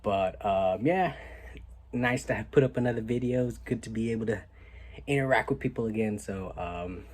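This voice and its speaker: A young man casually telling a story on his vlog, animated and laid-back, with a lot of "like" and some swearing. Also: fairly low pitch, moderate pace. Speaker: vlogger.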